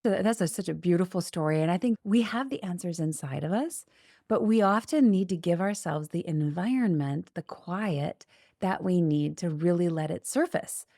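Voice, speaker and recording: A podcast host with a lowish voice, recorded dry and close with no room sound. She answers her guest in calm, affirming, reflective sentences. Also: moderate pace, no room sound. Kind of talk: interview hosting.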